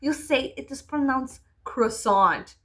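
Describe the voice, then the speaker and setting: A woman's voice: sits high, animated, slow, pitched above the performer's own voice. A woman voicing a haughty young woman, condescendingly lecturing Americans. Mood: mocking.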